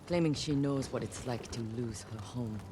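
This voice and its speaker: A woman voicing a solemn, vengeful noblewoman samurai in a video game, speaking in a measured way. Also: a bass voice. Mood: grim. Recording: game audio under a live stream, noisy.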